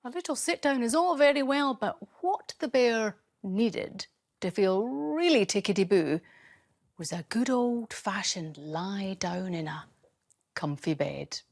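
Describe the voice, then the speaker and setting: A woman teacher reading a bedtime story aloud in a gentle, expressive storytelling manner. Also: medium pitch, a little slow.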